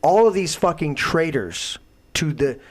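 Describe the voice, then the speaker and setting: A man hosting a talk show, delivering a heated, profane political rant that swings into loud outbursts. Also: on the high side, lively intonation, unhurried. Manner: profane, emphatic, swings to shouting. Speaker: show host.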